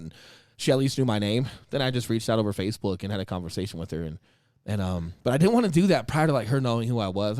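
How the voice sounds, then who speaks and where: Animated man telling a story, lively voice. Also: mid-range voice, dry recording, clean studio sound. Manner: animated, laughs often, swears casually. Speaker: podcast host. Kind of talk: casual storytelling chat.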